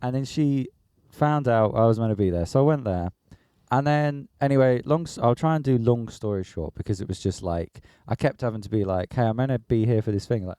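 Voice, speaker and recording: A man co-hosting a podcast, telling an animated, sweary story in casual chat. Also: medium pitch, a little fast, clean tone, no echo, studio quality. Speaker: podcast co-host.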